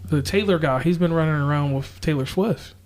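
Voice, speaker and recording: A man chatting casually as co-host of a home podcast, recorded in a kitchen. He rambles and drifts off topic. His voice sits fairly high for a man. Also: a little fast, a little mellow. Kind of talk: casual chat.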